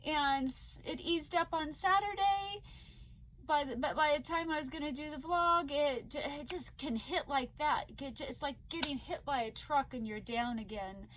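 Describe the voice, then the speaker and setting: A middle-aged woman chatting in a home vlog, emotional and quick to tear up and laugh, worn down by fatigue. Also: high voice, a bit bright, slight background noise, low-quality recording. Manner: emotional, laughs often and tears up. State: fatigued from an illness flare. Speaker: crochet vlogger. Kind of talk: casual vlog chat.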